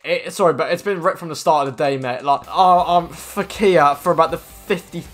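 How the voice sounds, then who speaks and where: A young man commenting on his own football video game match, muttering complaints and then shouting at big moments. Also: on the high side, normal speed, faint music behind. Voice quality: expressive, with slang and swearing. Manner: swings from mumbled grumbling to screaming at the game. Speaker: gaming commentator.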